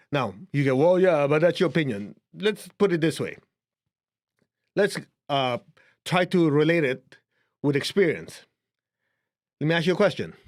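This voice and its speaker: A man with a Chinese accent giving a casual, conversational spiritual lesson, chuckling now and then as he explains. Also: fairly high pitch. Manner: conversational, chuckling, shows a book to camera. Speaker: spiritual teacher. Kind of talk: casual teaching talk to camera.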